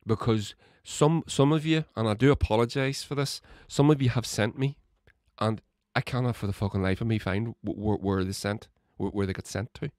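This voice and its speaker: A man's voice: lowish voice, normal speed, few pauses, dry recording, studio quality. A man hosting his own podcast, talking alone and swearing constantly as he rants. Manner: ranting, heated, building to shouts. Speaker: podcast host. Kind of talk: solo political podcast monologue.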